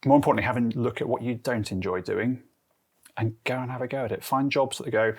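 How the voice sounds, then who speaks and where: A man with a Guernsey English accent, a head of transformation and change, gives casual interview answers as a chatty, animated storyteller who acts out quotes. His husky voice is medium in pitch, and he talks fast.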